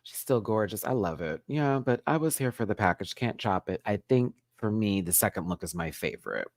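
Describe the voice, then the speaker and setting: A man hosting a live recap stream, talking in a sassy, campy way with big swoops in pitch. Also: lively intonation, a little fast, no echo, studio quality.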